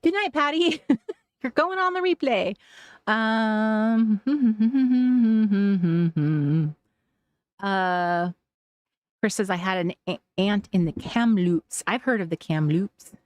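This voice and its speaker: Taking it slowly in an expressive, medium-pitched voice, a woman from Washington State reads viewer comments during a casual craft livestream. She laughs often and trails off mid-thought, with no room sound in the recording.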